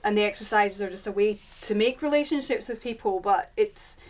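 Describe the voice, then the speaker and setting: A woman's voice: medium pitch, fairly quick, a little mellow. A woman researcher speaking on a panel, thinking aloud and searching for her words. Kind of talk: reflective panel discussion.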